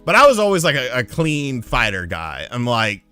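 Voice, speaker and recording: A man's voice: medium pitch, moderate pace, clean tone, faint music behind. A man casually telling a story on a stream, swearing a lot and acting out the dialogue. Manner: profane, animated, acts out dialogue.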